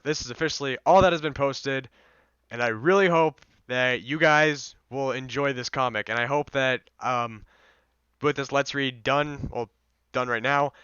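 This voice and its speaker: Youtube guy with a sore throat rambling thru his outro, swears a bit, smooth voice, kinda dull mic. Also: mid-range voice, pushed and bright, no echo. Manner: rambling, loose, casual swearing. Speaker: YouTuber reading a fan comic. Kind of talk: casual video outro. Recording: slightly dull lo-fi mic, dry.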